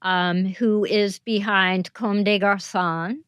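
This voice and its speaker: A woman in her seventies, a talk show guest, answering questions in a thoughtful, measured storytelling way. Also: medium pitch, steady tone, a bit bright, smooth, dry recording, studio quality. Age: 70s. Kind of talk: interview conversation.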